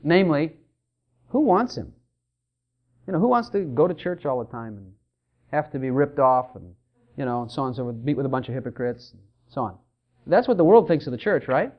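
A middle-aged man preaching a sermon in a church, animated, acting out the voices of churchgoers he quotes. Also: medium pitch, brisk, pauses often, lo-fi sound. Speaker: pastor.

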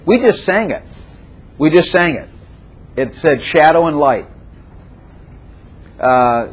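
A man preaching a sermon to a congregation in a church room, animated and repetitive, laughing often and quizzing his listeners. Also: mid-range voice, measured pace, long pauses, breathy edge. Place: church room with chairs and a plant.

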